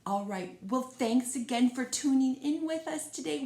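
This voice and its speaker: A woman wrapping up a children's storytime, chatting softly and warmly to a puppet and her young viewers. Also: on the high side, sing-song, a little slow, hardly any pauses, reverberant. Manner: soft, chatty, talking to a puppet. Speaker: children's librarian. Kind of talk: gentle wrap-up talk to children.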